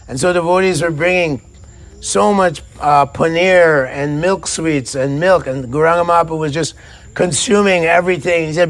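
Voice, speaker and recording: A man preaching and telling devotional stories in an animated way. His speaking voice sits somewhat high for a man. He often repeats words and phrases as he goes. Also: moderate pace. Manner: animated storyteller who often repeats himself. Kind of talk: devotional storytelling lecture.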